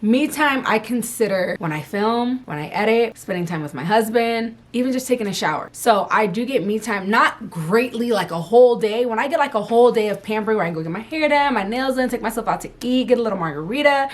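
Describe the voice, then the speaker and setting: A woman's voice: a little high, lively intonation, brisk, hardly any pauses. A young adult woman at home answering viewer questions about motherhood in a candid, loose, casual chat. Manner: frank, candid, loose and chatty.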